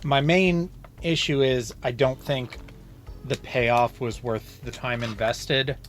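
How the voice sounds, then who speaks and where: A man's voice: medium pitch, steady tone, takes it slowly, soft background music. A man co-hosting a casual book club podcast, hesitant and repeating words as he talks. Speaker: podcast co-host.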